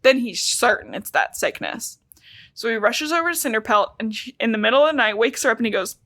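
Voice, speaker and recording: Bright-voiced chatty woman podcaster. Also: fairly high pitch, animated, a little fast, dry recording. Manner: chatty, heavy use of "like", jokey asides. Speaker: podcast co-host recapping a book. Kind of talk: casual chat.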